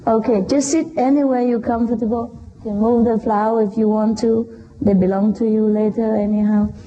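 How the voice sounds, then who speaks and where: A woman's voice: a little high, fairly even intonation, normal speed. A woman speaking to a live audience, playful and laughing often, in a non-native English with a Vietnamese first language. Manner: playful, laughing, chatting with the crowd. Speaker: spiritual speaker. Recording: dull lo-fi live recording.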